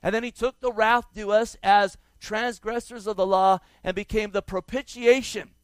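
A man's voice: high-pitched, fairly even intonation, moderate pace, clear, resonant tone, dry recording. A man preaching a sermon with emphatic stress on key words, quoting scripture in a raised, dramatic voice.

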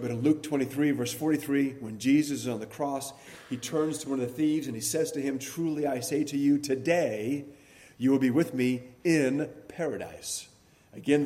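A male pastor delivers a sermon in a measured, teaching way, leaning on key words now and then. His voice is dark and mellow, at an ordinary pitch for a man. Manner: measured teaching delivery with occasional fillers and emphatic stresses. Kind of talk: expository sermon.

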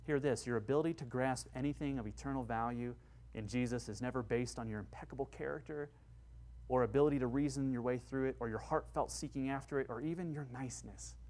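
A man's voice: mid-range voice, a little fast, darkish tone. A man preaching a sermon with passion, rising to emphatic peaks. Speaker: pastor.

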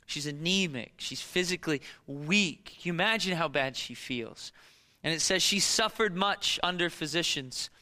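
High, bright-voiced preacher man. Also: normal speed. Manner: dramatic storytelling, swings from loud urgency to hushed low tones. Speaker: pastor. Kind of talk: sermon.

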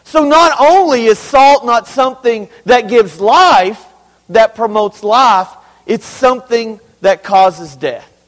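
A man's voice: extremely high pitch, expressive, takes it slowly, in a large hall, poor audio. A man preaching a sermon as pastor, emphatic and conversational, with humorous asides to his congregation. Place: church sanctuary.

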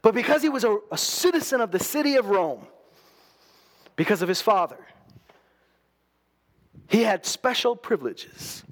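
A man's voice: high voice, animated, moderate pace, long pauses. A man preaching a sermon in a conversational way. He often restarts his sentences and acts out the quotes he tells. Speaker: pastor.

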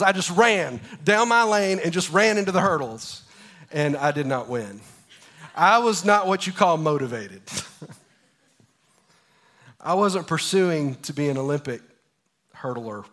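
A pastor in his forties preaches in a church, his slightly high voice climbing during lively stories. He then drops to a quiet, earnest hush to drive his points home. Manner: animated storytelling, swinging from loud to hushed. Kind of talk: sermon.

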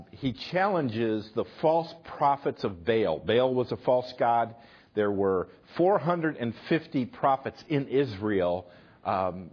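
A man preaching a sermon, retelling the story with animated, emphatic bursts. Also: mid-range voice, husky, dull audio. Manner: animated, emphatic retelling with sudden loud punches.

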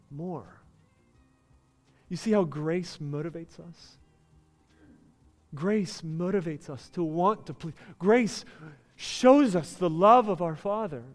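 A male pastor preaching a sermon, telling a story and building to emphatic, raised passages. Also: on the high side. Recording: long reverb in a large hall.

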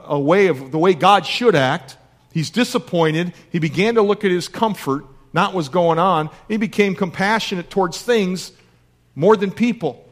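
A pastor preaches a sermon earnestly, his voice slightly high and a bit bright, using rhetorical questions.

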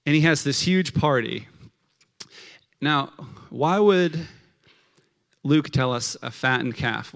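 A man's voice: medium pitch, fairly bright tone. A man preaching a casual sermon in a conversational way, peppered with the filler like. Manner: conversational, many fillers of like, acts out quotes.

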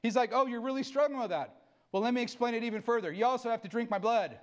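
Male pastor, middle-aged, high-pitched, fervent sermon with quiet asides. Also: fast. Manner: fervent preaching with sudden drops to quiet asides.

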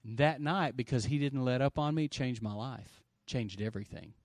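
A middle-aged pastor preaching an energetic sermon, swinging from loud bursts to hushed stretches and calling for amens. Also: male voice, mid-range voice, normal speed, no room sound, studio quality. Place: church sanctuary.

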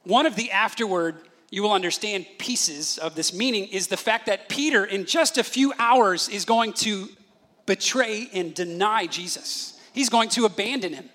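A man in his thirties preaching a sermon as a pastor, telling stories with lively delivery and briefly acting out the voices of his children. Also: high voice, moderate pace. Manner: animated storytelling, acts out voices of his children.

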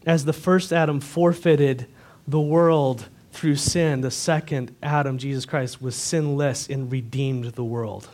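A man's voice: medium pitch, steady tone, measured pace, a little mellow. A man preaching a sermon to his church, earnest and direct, asking the congregation rhetorical questions. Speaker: pastor.

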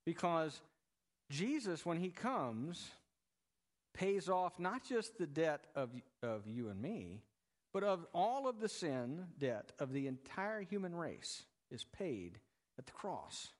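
Conversational pastor in an echoing hall. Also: male voice, on the high side, sing-song, slow pace. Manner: conversational preaching, jokes with the congregation. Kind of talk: sermon.

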